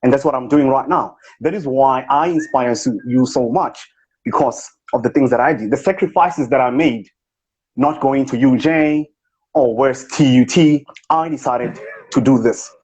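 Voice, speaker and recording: This is a smug comic impression: a man, affecting a posh accent, plays a motivational speaker who brags in a grandiose, self-important way during a live chat. He speaks at a moderate pace in a mid-range, husky, darkish voice that stays close to his everyday one. The recording is dull lo-fi livestream audio.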